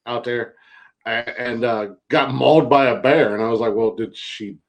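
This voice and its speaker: A man's voice: mid-range voice, normal speed, creaky. A man co-hosting a podcast in casual chat, telling rambling stories with lots of laughter. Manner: joking storyteller, rambling, laughs often. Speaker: podcast co-host.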